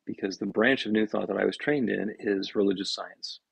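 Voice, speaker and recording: Gravelly husky man explaining prayer. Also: lowish voice, no echo, poor audio. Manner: halting, restarts and repeats words. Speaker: minister and podcast co-host. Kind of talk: casual podcast explanation.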